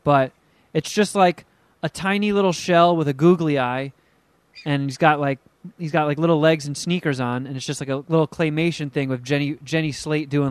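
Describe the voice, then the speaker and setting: A man's voice: on the high side, clear, resonant tone, dry recording. A man in casual podcast chat, teasing with crude jokes and telling rambling stories.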